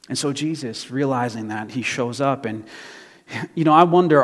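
A middle-aged man preaching in a church, his voice carrying a long hall reverb. He swings from loud, emphatic bursts to hushed, low passages, piling up restarts and rhetorical questions. His pitch sits in an ordinary male middle range. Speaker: pastor. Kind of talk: sermon. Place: church sanctuary.

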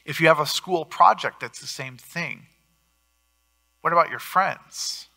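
A man preaching a sermon as pastor, earnest, with swings in loudness for emphasis. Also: on the high side, unhurried, creaky.

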